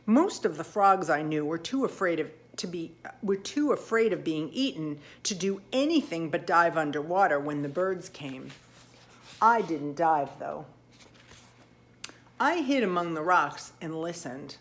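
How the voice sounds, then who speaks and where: A woman narrating a children's storybook in the first person, with expressive, lively delivery. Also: low voice, measured pace. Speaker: audiobook reader.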